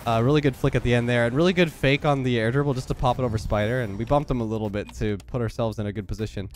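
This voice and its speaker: A young man with a stuffed-up, nasal voice, giving quick, focused play-by-play commentary on his own game. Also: medium pitch, fairly even intonation, soft background music. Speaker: gaming YouTuber. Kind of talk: live gameplay commentary.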